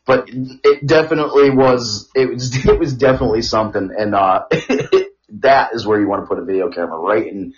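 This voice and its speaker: A man co-hosting a crude casual chat podcast, rambling through stories with repeated words and loud laughs. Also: mid-range voice, normal speed. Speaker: podcast co-host. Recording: dull lo-fi audio.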